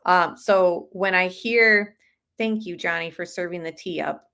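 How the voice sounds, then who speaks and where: A woman's voice: fairly low pitch, unhurried, creaky, pushed and bright, clean tone. A woman hosting a true crime channel, giving skeptical, chatty commentary on a case. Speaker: channel host.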